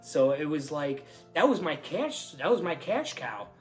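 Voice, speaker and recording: A man's voice: a little high, measured pace. Young guy telling his story, lots of like and um, gets fired up, faint music under it. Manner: rambling storytelling full of "like" and restarts; relives moments with bursts of excitement. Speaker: guest giving a testimony. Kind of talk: casual spoken testimony.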